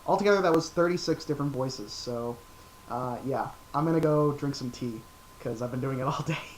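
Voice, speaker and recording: A young man chatting casually to his viewers in a relaxed, rambling way. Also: medium pitch, fairly quick, a little hiss or hum, low-quality recording. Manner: relaxed, rambling, lots of fillers. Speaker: vlogger. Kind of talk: casual chat.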